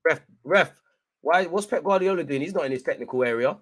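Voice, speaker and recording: A young man commentates live on a football match as a fan, his voice sitting a little high. He is excitable and shouts at the referee and players, urging his side on. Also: a little fast. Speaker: football watchalong host.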